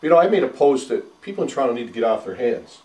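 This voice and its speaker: A man hosting a casual sports talk show who talks quickly and conversationally while steering the topics. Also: mid-range voice, sing-song, warm tone. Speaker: podcast host. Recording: roomy, distant mic.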